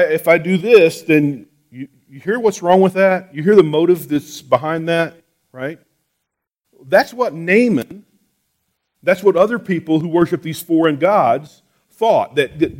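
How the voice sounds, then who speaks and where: A man delivering a sermon in a somewhat high voice. He preaches with animated rhetorical questions and often repeats words as he restarts phrases. His delivery swings between loud, pressing pleas and quiet asides. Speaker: pastor.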